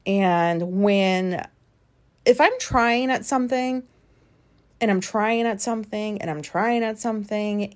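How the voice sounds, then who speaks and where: A woman's voice: medium pitch, darkish tone. A woman in her thirties hosting a rambling solo podcast from her recliner at home, talking casually and frankly, with lots of fillers and free swearing. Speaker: podcast host.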